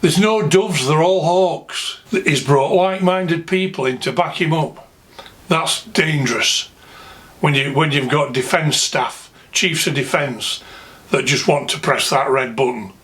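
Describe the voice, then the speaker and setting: A man's voice: a little high, unhurried, fairly bright tone. A man with a Yorkshire accent ranting to camera, angry, indignant and scornful. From England. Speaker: vlogger. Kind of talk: political rant to camera.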